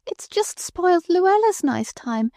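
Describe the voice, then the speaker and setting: A woman voicing a meek little old lady who speaks gently, quavering through her tears, in an audiobook. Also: high voice, lively intonation, a little slow, no room sound, studio quality, pitched above the performer's own voice. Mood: tearful. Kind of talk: audiobook character voice.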